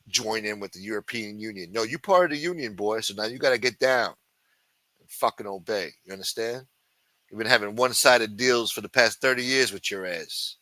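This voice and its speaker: In a profane live chat rant, a livestream host curses nonstop, taunting loudly before dropping to mutters while responding to chat. He speaks fairly quickly in a lowish voice, with no room sound.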